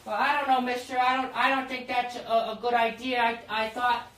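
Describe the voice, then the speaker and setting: A man's voice: very high-pitched, flat delivery, moderate pace, pushed and bright, echoey room, distant mic, pitched above the performer's own voice, rough recording. A man voicing an undercover grown-up posing as a timid young boy, with a hesitant, stammering manner. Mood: meek.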